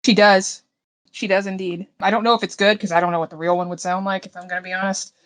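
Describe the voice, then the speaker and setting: A woman's voice: medium pitch, level tone, fast talker. A woman talking in a casual book-club chat, giving her views thoughtfully and hedging them with small restarts.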